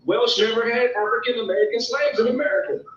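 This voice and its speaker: A man's voice: very high voice, fast, a bit bright. A man as a first-time guest in a heated debate, pleading and repeating himself, heard over distant, dull, echoey call audio. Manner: pleading, repeats himself, keeps saying "brother".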